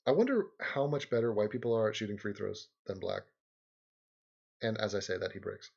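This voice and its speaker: A man's voice: lowish voice, a little fast, gravelly, a little mellow, breathy edge, highs cut off. A man hosting a livestream, rambling sarcastically in casual chat and game commentary, often laughing. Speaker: livestream host.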